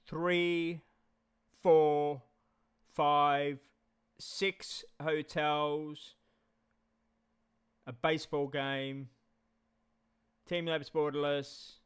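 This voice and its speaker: A man's voice: on the high side, level tone, drawn-out words, long pauses, smooth. A man rambling casually on a live stream, repeating himself and talking straight to his chat.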